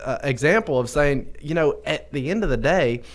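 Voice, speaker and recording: A man's voice: a little high, expressive, normal speed. A man in his thirties co-hosting a motivational podcast, talking in an easygoing, agreeable way. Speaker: podcast co-host.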